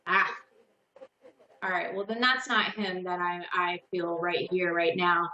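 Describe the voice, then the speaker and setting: A woman hosting a call-in psychic radio show, giving slow, hesitant readings full of fillers and restarts. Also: lowish voice, steady tone, pushed and bright, echoey room, highs cut off, slight background noise.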